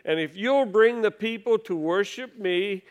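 Male preacher with a high, smooth voice, giving a wry, conversational sermon and reading scripture aloud. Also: a little slow. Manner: conversational, wry preaching that asks the congregation to read along.

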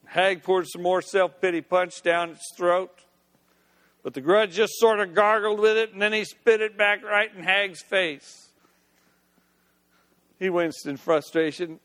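A high-voiced man tells a story at a relaxed, folksy pace, tossing in "well" asides and starting lines over. His intonation stays fairly even and a little bright, and a long hall reverb hangs on his voice.

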